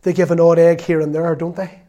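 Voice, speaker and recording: A man in his fifties preaching a sermon in an earnest, conversational way, at times dropping to a soft confessional tone. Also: on the high side, little pitch movement, fairly quick, dull audio. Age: 50s.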